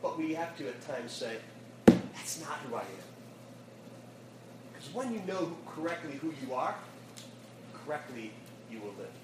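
A man preaches at a church service, telling a story with plenty of acted-out voices and laughter. His voice sits fairly high. It comes from a distance in a very echoey hall with steady noise underneath. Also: normal speed. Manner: animated storyteller, acts out quotes, laughs often. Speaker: youth pastor. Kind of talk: storytelling sermon. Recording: echoey room, distant mic, audible noise.

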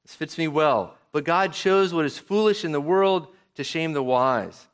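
A man's voice: fairly high pitch, a little slow, clean tone. A man preaching a sermon in church, asking his congregation a run of rhetorical questions. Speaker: pastor.

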